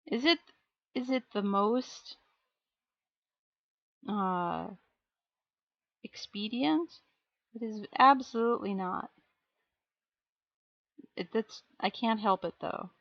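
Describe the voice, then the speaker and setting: A woman's voice: medium pitch, slow pace, pauses often, fairly bright tone, dry recording, muffled recording. A woman live streaming as she paints miniatures, chatting casually and self-deprecatingly while answering her chat.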